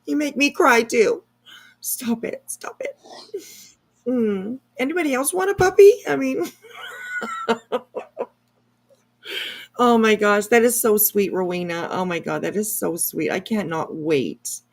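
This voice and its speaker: A woman's voice: a little high, measured pace, creaky, long pauses. Gushing woman host chatting on a livestream. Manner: gushing, excitable. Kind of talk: casual chat reading viewer comments.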